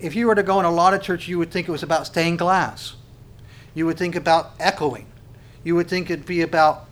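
A man preaching a sermon, swinging between loud emphatic rises and quiet, slow phrases, often restarting and repeating words as he goes. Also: a little high. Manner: restarts and repeats words while thinking aloud.

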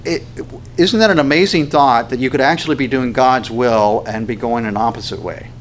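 A man's voice: mid-range voice, moderate pace, a little hiss or hum. A man preaching a sermon as a pastor, in a conversational storytelling manner with many fillers.

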